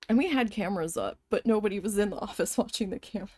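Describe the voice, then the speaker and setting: A woman's voice: medium pitch, rapid-fire, a little mellow, breathy edge, no echo, clean studio sound. A woman chatting casually while she embroiders, telling a long story in a rambling, profane way with lots of fillers. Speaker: craft vlogger.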